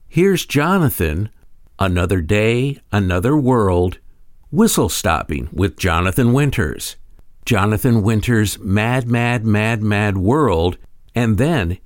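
A man narrating a documentary in a polished, expressive scripted delivery. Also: fairly low pitch, no room sound, studio quality.

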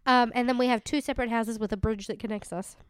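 A woman's voice: on the high side, steady tone, quick pace, clean tone, dry recording, studio quality. A woman co-hosting a podcast, joking bluntly and sarcastically in casual chat. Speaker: podcast co-host. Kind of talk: casual chat recapping a reality show.

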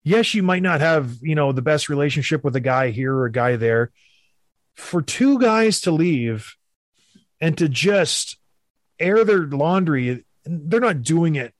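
A man, a former hockey player, co-hosting a casual sports talk show and telling stories with animated emphasis. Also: on the high side, no room sound, clean studio sound.

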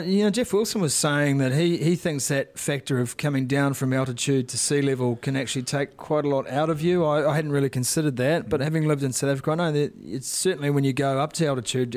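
A middle-aged man hosting a podcast, chatting in a teasing, animated way. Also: mid-range voice. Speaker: podcast host. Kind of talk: casual chat.

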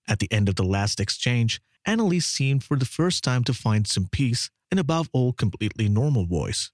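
Man, documentary narrator, dramatic, lively intonation, dry studio sound. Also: medium pitch, moderate pace, no echo.

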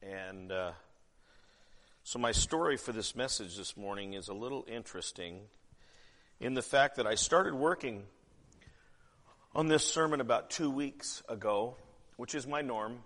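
A man's voice: mid-range voice, measured pace, long pauses, fairly bright tone. A man preaching a sermon as pastor, candid and conversational, with emphatic asides. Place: church hall. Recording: church hall with long reverb.

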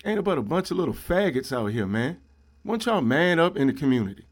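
A man's voice: a little high, big pitch swings, fast talker. A middle-aged man hosting a solo podcast, ranting in a blunt, preachy way and leaning on "man" and "yo". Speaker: podcast host.

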